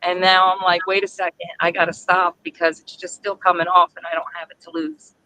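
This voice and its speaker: A woman guests on a live-stream chat with a bright, clear tone. She talks haltingly and softly, often breaking off to restart a sentence. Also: lowish voice, flat delivery, a little hiss or hum, low-quality recording. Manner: halting, soft-spoken, with many restarts.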